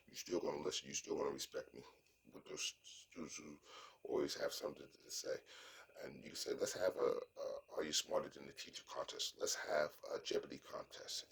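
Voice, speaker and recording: A man with a deep, rumbling, somewhat rough voice talks himself up in a motivational monologue. He coaches himself, repeating phrases while acting out sample lines.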